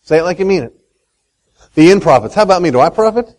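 A man giving a lively talk to an audience on faith and money, asking them questions and telling a folksy story. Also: high-pitched, fast talker, poor audio. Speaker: speaker on Christian economics.

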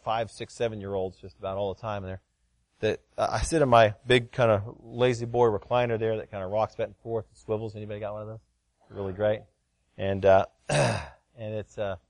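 A middle-aged man preaching a sermon, often repeating words and rising to loud, fervent heights as he tells a story. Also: lowish voice, no room sound, studio quality.

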